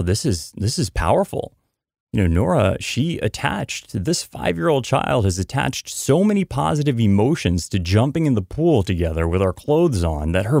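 A man's voice: medium pitch, creaky, darkish tone, no echo, clean studio sound. A man hosting a podcast, telling a story in a chatty way, with many asides and repeated words for emphasis. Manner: chatty, lots of "I mean" and "you know" asides. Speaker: podcast host.

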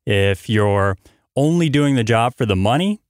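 A man's voice: medium pitch, expressive, measured pace, no echo, studio quality. A man hosting a motivational podcast, talking energetically and emphatically, hammering points through repetition. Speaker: podcast host.

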